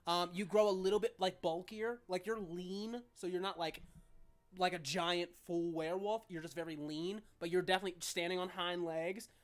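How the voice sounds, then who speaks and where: A woman's voice: lowish voice, fairly even intonation, normal speed. Chatty woman game master, filler-heavy. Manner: rambling, filler-heavy, laughing often. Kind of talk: narrating a tabletop game.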